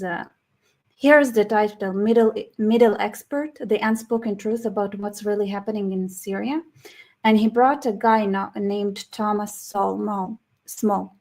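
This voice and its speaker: A tired, slightly hoarse woman hosting a casual live stream, rambling with frequent restarts and reading chat comments aloud. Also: mid-range voice, darkish tone. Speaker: livestream host.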